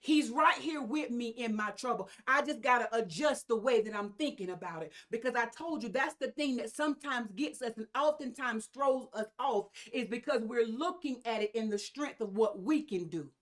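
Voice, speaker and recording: A woman's voice: a little high, animated, moderate pace, hardly any pauses. A woman preaching a sermon, emphatic and repetitive, with asides to her congregation.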